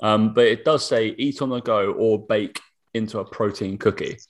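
An easygoing young man who laughs readily and chats casually. His voice sits fairly low, and he talks in a relaxed way. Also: moderate pace. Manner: easygoing, laughs often, reads out labels. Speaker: co-host. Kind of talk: casual chat.

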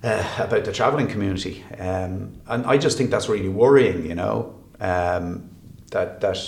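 An Irish guest chats casually, telling rambling stories and frequently interrupting and restarting his own sentences. He has a low, slightly mellow voice with vocal fry, speaks at normal speed, and the recording has a roomy echo.

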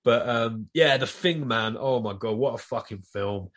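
A man chatting casually and telling animated, swear-filled stories full of fillers. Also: medium pitch, moderate pace. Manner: animated storyteller, heavy swearing, lots of fillers. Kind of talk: casual chat.

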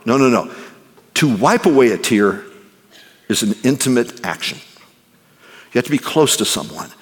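A male pastor preaching a sermon. He swings between ringing exclamations and hushed, near-whispered passages. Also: mid-range voice, expressive, moderate pace. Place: church sanctuary. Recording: long reverb of a large hall.

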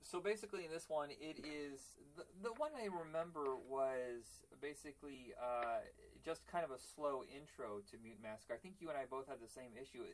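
A man's voice: mid-range voice, normal speed, hardly any pauses, a little hiss or hum. A man hosting a casual podcast about comics, chatty and rambling, laughing easily. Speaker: podcast host.

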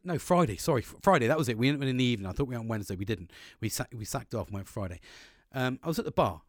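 A man's voice: medium pitch, dry recording. Sweary young Englishman, dry close sound. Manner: sweary, frank, conversational. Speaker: podcast host. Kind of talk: casual solo podcast monologue.

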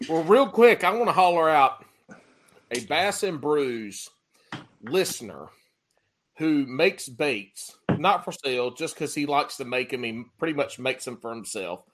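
A man hosting a casual chat, telling stories in an animated, joking way and swearing freely. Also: on the high side, unhurried, a little hiss or hum. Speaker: podcast host.

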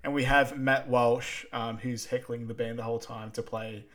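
Male co-host, laid-back, filler-heavy, mid-pitched voice. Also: normal speed. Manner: relaxed, lots of ums, plain storytelling. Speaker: podcast co-host. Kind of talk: casual chat, film rewatch recap.

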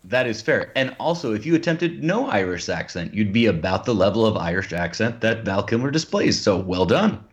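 A man's voice: on the low side, very animated, moderate pace, few pauses. A man hosting a podcast in casual chat, playful and theatrical in his introductions. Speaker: podcast host. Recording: dull lo-fi podcast audio.

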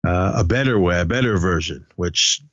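Low-voiced man recapping a movie, lo-fi. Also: moderate pace, fairly bright tone, dry recording. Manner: rambling storytelling with quoted lines and laughs. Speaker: podcast co-host. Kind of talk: casual movie recap chat.

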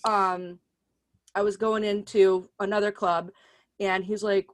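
A middle-aged woman hosting a podcast, telling stories in a casual, animated way, swearing freely and voicing the people she quotes. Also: mid-range voice, a little slow, no room sound. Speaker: podcast host and comedian. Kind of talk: casual chat, storytelling.

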